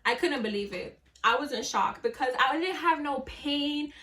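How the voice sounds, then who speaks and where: Young woman, casual storyteller, slightly higher voice, chatty and frank. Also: animated, normal speed, pushed and bright, far from the mic. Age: young adult. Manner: chatty, lots of "like" and swearing, talks to viewers as friends. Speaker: vlogger.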